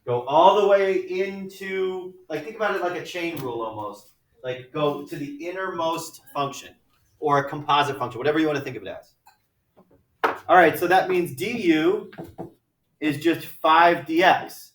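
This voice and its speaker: A man teaches a math class, working through problems aloud in a chatty, joking lecture. His voice is fairly high and fairly bright at a moderate pace, recorded from far off in an echoey classroom.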